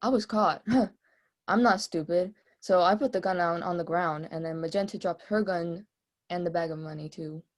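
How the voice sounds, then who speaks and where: A woman's voice: on the low side, moderate pace, natural voice. A woman playing a brash young female bank robber, testifying in a casual, streetwise, offhand way over a video call in a mock trial.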